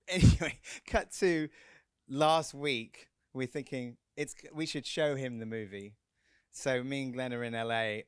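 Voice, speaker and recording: An English man, a film director, telling lively anecdotes at a cinema Q&A, quick and laughing. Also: medium pitch, clear, resonant tone, dry recording. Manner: quick, chatty, laughing storyteller. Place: cinema Q&A on stage.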